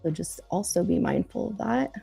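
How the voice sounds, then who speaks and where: A woman's voice: mid-range voice, very animated, normal speed, gravelly, mellow, slightly rough, no room sound, faint music behind. A woman trader giving live commentary on her trades, calling price levels and targets and urging the market on. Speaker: trader on a live trading stream.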